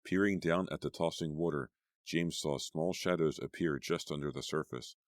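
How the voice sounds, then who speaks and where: A man narrating a horror audiobook in a steady, measured storytelling voice. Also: a bass voice, dry recording, studio quality.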